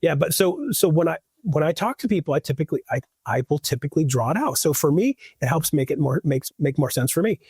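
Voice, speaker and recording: A man's voice: fairly high pitch, animated, fast talker, hardly any pauses, a little mellow, husky, no room sound, clean studio sound. A man talking as a podcast guest in loose, rambling chat, full of restarts and "like".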